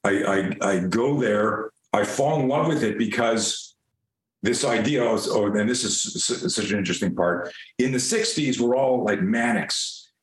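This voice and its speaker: A man in his sixties, a podcast guest telling a personal story in an animated, self-mocking way and swearing freely. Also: fairly low pitch, unhurried. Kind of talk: casual storytelling. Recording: roomy echo.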